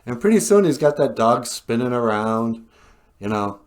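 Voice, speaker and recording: A man's voice: mid-range voice, big pitch swings, moderate pace. A man from an Ojibwe community retelling a story in a loose, chatty, joking way with laughing asides. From Ojibwe community, North America. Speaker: storyteller, host. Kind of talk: comic storytelling.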